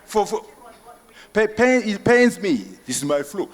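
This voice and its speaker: A Zimbabwean man giving a conference keynote and answering questions, emphatic and forceful, with repetition and rhetorical questions. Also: high-pitched, sing-song, normal speed. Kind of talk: impassioned conference speech. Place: large conference hall. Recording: long hall reverb.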